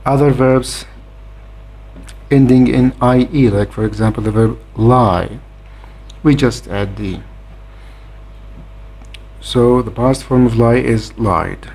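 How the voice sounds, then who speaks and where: A man explaining a grammar lesson in a measured way, pausing often with "uh" between points. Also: medium pitch, darkish tone, husky. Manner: measured, with frequent "uh" hesitations. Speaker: grammar teacher.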